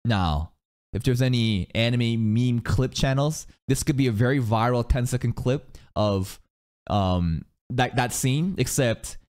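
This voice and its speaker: A male streamer reacts live to an anime in a medium-pitched, slightly mellow voice at a measured pace. He laughs a lot, teases the characters, swears freely, and tosses out mock-outraged asides in casual commentary.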